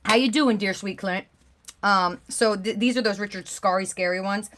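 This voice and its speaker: A woman hosting a craft livestream, chatting casually and gushing over pieces with bursts of excited exclamations. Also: mid-range voice, normal speed. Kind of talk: casual chat while showing craft pieces.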